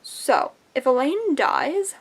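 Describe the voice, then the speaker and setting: A young woman chatting in a casual reading vlog at home, excitable and chatty, swearing casually. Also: sits high, slow. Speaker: book vlogger. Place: at home, indoors.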